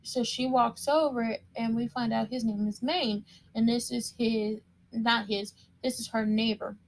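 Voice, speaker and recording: A woman with a slightly high voice and plenty of vocal fry recaps a TV episode. She talks in a casual, chatty way and stays opinionated throughout. She leans on repeated words to drive her points home. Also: fairly even intonation, measured pace. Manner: emphatic, repeats words for stress. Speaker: TV show recap commentator.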